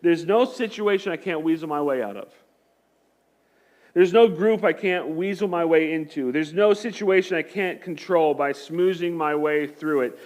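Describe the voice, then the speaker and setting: A man voicing a smug, scheming ancient king who talks smoothly and sounds sure of himself, in a sermon retelling. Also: on the high side, moderate pace, darkish tone, lightly acted. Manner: smooth-talking, self-assured.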